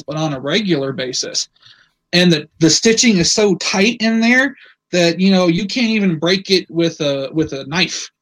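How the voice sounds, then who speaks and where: A man's voice: on the high side, low-quality recording. A man being interviewed about his embroidery work, talking casually and telling stories with lots of "you know". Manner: relaxed storyteller with frequent "you know". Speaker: guest embroiderer.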